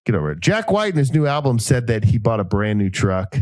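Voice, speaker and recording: A man's voice: mid-range voice, normal speed, no room sound, studio quality. A man co-hosting a podcast, telling rambling, jokey stories in a casual chat. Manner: rambling, jokey, animated storytelling. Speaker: podcast co-host.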